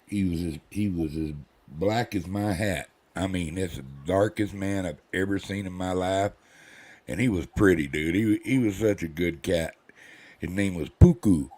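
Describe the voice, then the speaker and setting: A man's voice: low voice, moderate pace, mellow. An older man chatting casually, a rambling, folksy storyteller with a cantankerous drawl. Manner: rambling storyteller, folksy, acts out quoted voices. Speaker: host. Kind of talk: casual chat.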